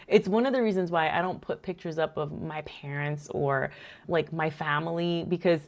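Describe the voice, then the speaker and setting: A woman from Rico, hosting and telling a faith-based family story in a lively, laughing way. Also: low voice, moderate pace. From Puerto Rico. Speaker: podcast host.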